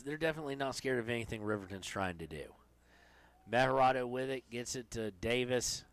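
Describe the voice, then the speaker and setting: A man calling play-by-play for a high school soccer game, chatty and joking between plays. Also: a little fast. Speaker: play-by-play commentator.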